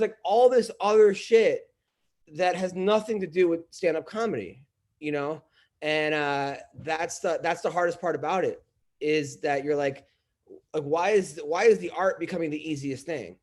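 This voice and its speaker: He's a comedian guest in casual podcast talk, voice fairly high with a darkish tone at a moderate pace. His stories drift along, thick with fillers and repeated restarts.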